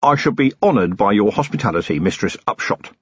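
A man's voice: lowish voice, lively intonation, fairly quick, husky, dry recording. A man reading a novel aloud, voicing a seasoned city police commander who talks dry, plain and wry. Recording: dull lo-fi audiobook recording.

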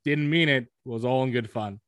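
A young man chatting casually as a podcast co-host, relaxed and profane, with many fillers. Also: mid-range voice, normal speed, background noise. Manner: laid-back, profane, filler-heavy. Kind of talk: casual chat.

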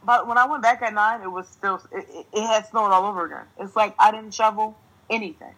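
Young woman, from New Jersey, podcast host, casual storytelling, profane, animated, slightly breathy. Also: medium pitch, fairly quick, poor audio. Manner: swears freely, animated ranting, laughs often.

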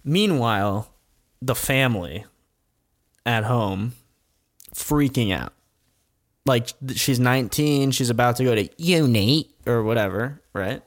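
A man's voice: mid-range voice, a little slow. A man casually retelling a documentary's story, swearing often and laughing as he talks. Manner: profane, laughing, animated retelling. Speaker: commentator recapping a documentary.

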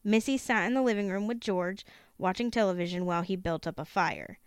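A woman's voice: medium pitch, fairly quick, smooth, dry recording, clean studio sound. A woman podcast host reading a book aloud, with the occasional laughing aside.

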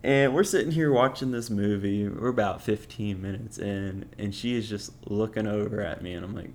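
A man's voice: fairly low pitch, normal speed, hardly any pauses, slight background noise. A young man hosting a podcast, telling stories casually and bluntly, swearing freely and laughing often. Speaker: podcast host. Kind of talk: casual storytelling.

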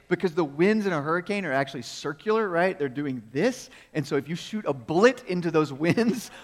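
A man with a high, slightly bright voice delivers a sermon like he's telling a story, tossing out rhetorical questions and chuckling frequently. The sound carries the long reverb of a large hall.

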